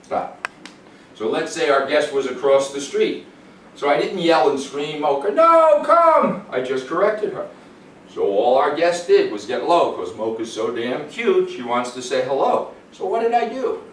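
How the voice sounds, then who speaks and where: A man working as a dog trainer, explaining calmly to the owners and giving a dog short, upbeat praise during a demonstration. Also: medium pitch, normal speed. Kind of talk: instructional demonstration. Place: indoors in a home. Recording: roomy, distant sound with faint noise.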